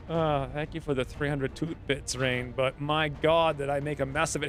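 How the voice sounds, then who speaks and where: A man streaming a game, chatting casually and playfully, rambling and jumping into high exclamations. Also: lively intonation, moderate pace, soft background music. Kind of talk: casual live-stream gameplay commentary.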